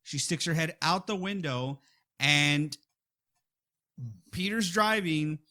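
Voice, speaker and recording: A man co-hosting a horror film podcast, retelling a scene in lively casual chat and acting out the characters' lines. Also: on the high side, takes it slowly. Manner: animated storytelling, acts out quotes. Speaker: podcast co-host.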